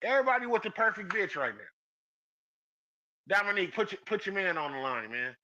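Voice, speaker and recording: A man's voice: sits high, big pitch swings, fairly quick, bright, forceful tone, dull audio. A man hosting a casual live podcast, teasing his listeners and calling them out by name, laughing often. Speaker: podcast host. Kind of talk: casual live-stream chat.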